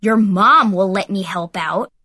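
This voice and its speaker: A woman's voice: medium pitch, measured pace, creaky, husky, no echo. A woman voicing Heath, a brash, defensive teenage boy, in an audiobook. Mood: snapping.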